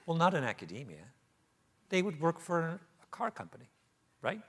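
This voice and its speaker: Animated male storyteller, lively pitch. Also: moderate pace, vocal fry, breathy edge. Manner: animated storytelling, laughing often. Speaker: author guest. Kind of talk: onstage conversation. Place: theater stage before an audience.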